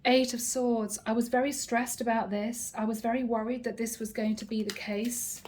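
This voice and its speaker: Woman tarot reader, playful and sarcastic, slightly higher voice, chatty delivery. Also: level tone, moderate pace, darkish tone, a little hiss or hum. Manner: playful, teasing, a bit sarcastic. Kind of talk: casual tarot card reading to camera.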